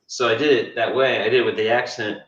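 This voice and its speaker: A man's voice: mid-range voice, fairly even intonation, fast, fairly bright tone. A man co-hosting a casual livestream, telling a story in a chatty way and laughing often. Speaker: game developer and co-host. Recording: roomy, distant, dull sound.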